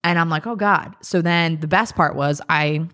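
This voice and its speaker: A woman's voice: low-pitched, moderate pace, a bit bright. A woman in her thirties casually telling a personal story on a chat podcast, full of fillers and acted-out quotes. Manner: chatty, many fillers, acts out quotes. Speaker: podcast co-host.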